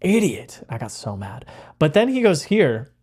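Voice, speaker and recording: A young man giving casual, rambling commentary on his own chess game, excitable and full of fillers. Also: on the high side, normal speed, breathy edge. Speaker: chess content creator.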